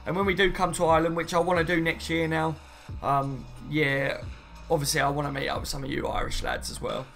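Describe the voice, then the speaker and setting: A man's voice: on the high side, fairly even intonation, fairly quick, fairly bright tone, faint music behind. A man chatting casually on a live stream, rambling and reading viewer comments aloud, saying "mate" and "you know what I mean" often. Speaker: football fan streamer.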